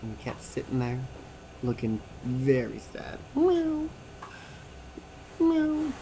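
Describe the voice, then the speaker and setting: Interpreter, male, mid-pitched; lively storyteller, noisy take. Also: unhurried, vocal fry. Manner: animated storytelling with acted-out quotes and sounds. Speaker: sign-to-voice interpreter. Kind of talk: voicing a signed personal story.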